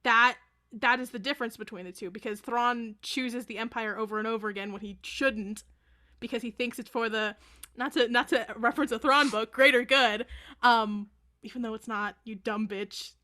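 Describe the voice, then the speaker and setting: Bright, blunt woman podcaster. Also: a little high, steady tone, moderate pace. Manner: rambling and blunt, swears. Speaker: podcast co-host. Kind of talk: casual podcast chat.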